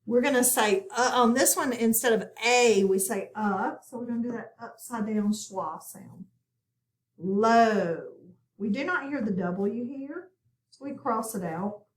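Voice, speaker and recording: A woman's voice: on the high side, unhurried, roomy sound. A woman teaching a recorded phonics lesson, explaining each step patiently and plainly.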